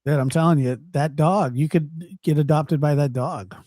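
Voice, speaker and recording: A man hosting a live call-in show, relaxed and brief as he keeps things moving. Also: fairly high pitch, normal speed, dry recording, clean studio sound. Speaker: host. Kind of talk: casual call-in chat.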